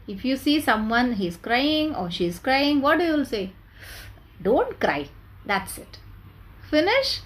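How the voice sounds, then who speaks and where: A woman's voice: high voice, a bit bright. A woman teacher giving a classroom lesson to children, drawing out her words and quizzing them with repeated questions. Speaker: school teacher.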